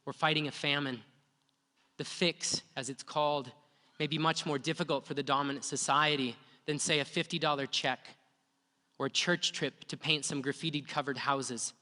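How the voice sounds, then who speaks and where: A man giving a slow, measured, earnest prepared speech. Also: a little high, sharp tone. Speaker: speaker in a played talk video. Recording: long hall reverb.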